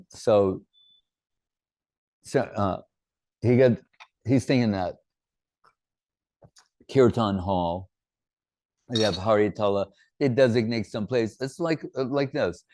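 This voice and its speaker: A man with a fairly low voice gives an informal religious talk. He wanders between teaching and loose personal stories in a conversational, anecdotal way. The sound is dry and close, with no room echo. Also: a little mellow. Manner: rambling, anecdotal storytelling. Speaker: spiritual teacher giving a talk.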